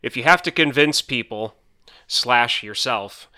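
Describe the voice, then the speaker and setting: A young man chatting on a podcast with a very bright, ringing tone and a smooth, crisp voice. He talks in an animated, joking way and laughs easily. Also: mid-range voice, measured pace. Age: young adult. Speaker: podcast co-host. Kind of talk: casual chat.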